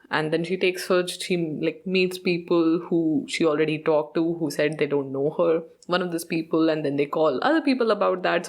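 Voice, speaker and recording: A woman hosting a podcast, chatting casually about a show, mixing in Hindi and laughing often. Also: fairly low pitch. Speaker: podcast host.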